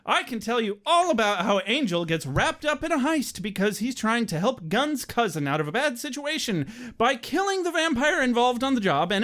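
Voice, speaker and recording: A man's voice: extremely high pitch, fairly bright tone. A man co-hosting a podcast in casual chat, joking and crude. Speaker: podcast co-host.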